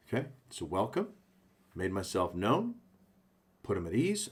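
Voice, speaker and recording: A man's voice: fairly low pitch, wildly swooping pitch, measured pace, long pauses, slightly rough. A man coaching a sales team, speaking in short punchy phrases and checking in with the listener often. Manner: punchy, coaching, frequent "okay?" check-ins. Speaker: sales trainer. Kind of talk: sales training talk.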